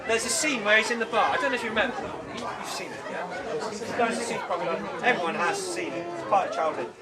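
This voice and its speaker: A man's voice: sits high, very animated, quick pace. A man presenting spiders at an outdoor bug show, chatty and jokey as he explains facts to the people around him. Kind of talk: informal public talk. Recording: distant voice over loud crowd.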